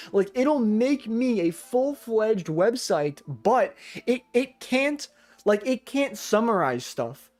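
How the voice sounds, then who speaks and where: With a high-pitched but darkish-toned voice, this young day-trader rambles through casual livestream chat. He's slangy and profane, frequently making himself the butt of his jokes.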